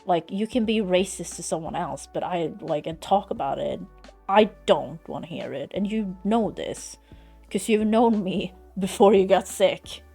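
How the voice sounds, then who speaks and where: A woman's voice: fairly low pitch, lively intonation, measured pace, creaky, warm tone, breathy edge, soft background music. A young woman from Sweden, streaming and chatting casually in a frank, swearing, run-on way. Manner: frank, swearing, venting in loose run-on sentences. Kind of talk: casual chat. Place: home streaming setup.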